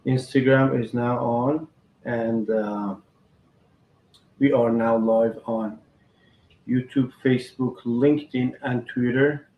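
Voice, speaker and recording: A man's voice: medium pitch, fairly even intonation, takes it slowly, pauses often. A man hosting a live stream, inviting viewers to join and talk. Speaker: host. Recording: echoey, muffled stream audio.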